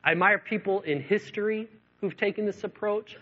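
A man's voice: high voice, normal speed. A man preaching a sermon, telling stories with lots of ums and acting out the dialogue. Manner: animated storytelling with acted-out dialogue, many fillers. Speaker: pastor. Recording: dull lo-fi sound.

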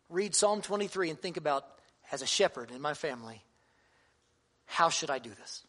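A man's voice: fairly high pitch, fairly quick, a bit bright. A man in his thirties, a pastor giving a sermon to fathers, earnest and conversational with touches of humor.

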